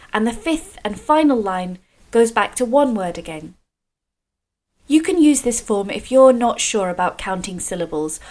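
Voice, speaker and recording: A woman from Scotland leading a creative writing video workshop for children, explaining slowly and clearly with encouragement. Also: fairly high pitch, darkish tone.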